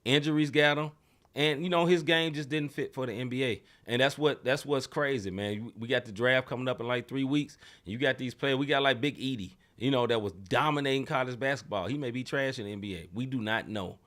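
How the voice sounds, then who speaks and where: Young man, podcast co-host, casual sports talk, animated, acts out quotes. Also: medium pitch, fairly quick.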